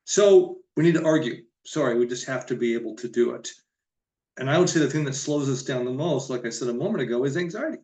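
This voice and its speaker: A man's voice: mid-range voice, lively intonation, fast talker, a little mellow. Earnest man explaining in a roomy space. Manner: earnest, emphatic, repeats key points. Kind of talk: explanatory solo talk to camera.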